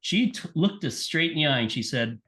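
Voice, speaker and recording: A man's voice: on the high side, a little fast. A middle-aged man, a sports nutrition scientist, telling stories as a podcast guest and acting out the people he quotes. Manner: animated storyteller, acts out quoted people. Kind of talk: casual interview storytelling.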